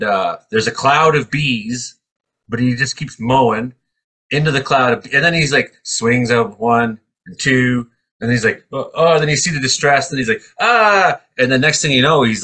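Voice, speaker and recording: A husky-voiced man chats casually, telling an animated story and acting out quoted voices with high yelps.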